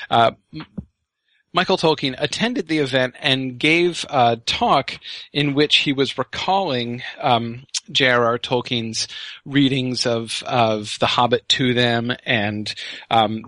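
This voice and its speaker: Bright-voiced man explaining with many ums. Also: mid-range voice, dry recording. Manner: hesitant, many fillers and restarts. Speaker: podcast co-host, Tolkien professor. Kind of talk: casual podcast explanation.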